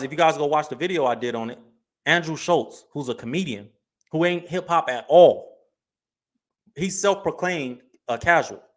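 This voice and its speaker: A man's voice: fairly high pitch, a bit bright. A man hosting a livestream in a casual, chatty way, reacting to clips and talking to his viewers. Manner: casual, chatty, leans on "bro" and "you know what I'm saying". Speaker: livestream host.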